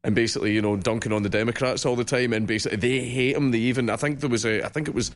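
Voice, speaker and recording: A man chatting casually as a studio guest on a radio show, relaxed and quick to laugh. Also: medium pitch. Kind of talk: casual chat.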